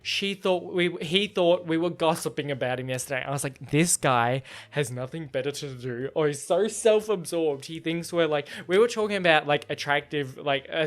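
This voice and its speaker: A young man hosting a casual solo podcast, telling a story in an animated, profane way, jumping between loud outbursts and muttered asides. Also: a little high. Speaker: podcast host.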